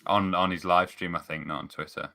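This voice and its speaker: A man co-hosting a fan stream, with a very deep voice. His tone is sharp and tense. He offers opinions and quick asides in casual chat. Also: fairly even intonation, creaky. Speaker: co-host.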